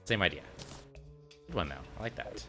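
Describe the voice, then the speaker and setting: Low-voiced, laid-back gaming host. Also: male voice, a little fast, creaky, faint music behind. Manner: relaxed, rambling, joke-telling. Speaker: let's play host. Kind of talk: casual gameplay commentary.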